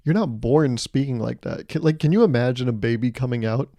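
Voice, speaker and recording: Podcast guy riffing solo, playful and rambly, warm-ish mellow voice, dry room. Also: mid-range voice, a little fast, no room sound. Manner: rambling, playful, self-amused asides. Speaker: podcast host. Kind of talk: comedic monologue.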